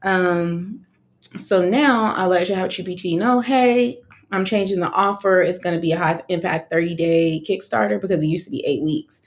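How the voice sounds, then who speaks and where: A woman's voice: lowish voice, normal speed. A young woman from California, an online course creator, talking casually on a live stream, chatty and slangy, laughing often.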